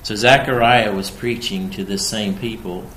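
A man's voice: fairly low pitch, fairly even intonation, slight background noise. A man preaching an expository sermon, speaking emphatically and rising in force when he quotes scripture. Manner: emphatic, rising loud on quoted scripture, slow deliberate pace. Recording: echoey room.

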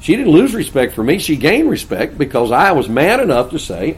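A man's voice: a little high, sing-song, fairly quick, few pauses. An older man preaching a sermon to pastors, with earnest, folksy storytelling.

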